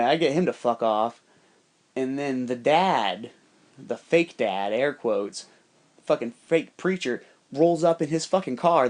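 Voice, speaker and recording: A man telling a personal story in a casual, rambling monologue, swearing constantly and acting out the voices of other people. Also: mid-range voice. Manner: profane, rambling, animated quoting of others. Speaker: podcast storyteller.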